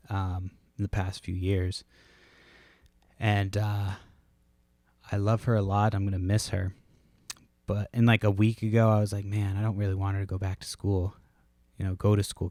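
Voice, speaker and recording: A man's voice: deep voice, a little mellow, no echo. A man in his thirties hosting a casual solo podcast from home, rambling through laid-back, profane stories. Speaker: podcast host.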